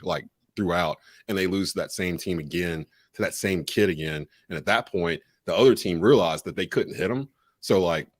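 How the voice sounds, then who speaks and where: A man's voice: low voice, no echo, studio quality. A man from North Carolina co-hosting a sports podcast, talking casually with plenty of "uh" and "like". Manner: relaxed, fillers like "uh" and "like". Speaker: podcast co-host, local sports broadcaster.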